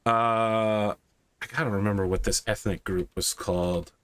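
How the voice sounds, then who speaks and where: A man's voice: fairly low pitch, fairly even intonation, moderate pace, a bit bright, slight background noise. A man running a tabletop game as game master, describing scenes loosely with many fillers.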